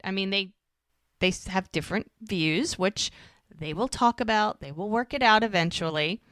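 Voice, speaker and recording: A mid-range voice at a moderate pace belongs to an American woman co-hosting a podcast. She rambles casually through an episode recap and quotes characters in lively voices, all captured in clean studio sound without echo.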